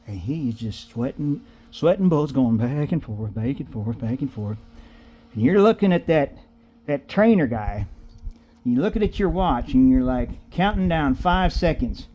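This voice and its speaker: A man's voice: on the high side, lively intonation, moderate pace, dark tone, lo-fi sound. A man telling a rambling comic story in a drawling, folksy way, acting out the people in it. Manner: drawling, folksy, digressive, acts out characters. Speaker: comedic storyteller.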